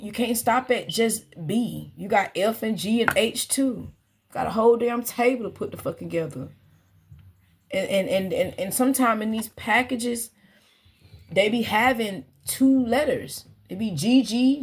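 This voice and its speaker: A woman's voice: on the high side, moderate pace, slightly rough. A woman working as an astrological guide, talking in a casual, earnest spiritual reflection and repeating her phrases as she muses.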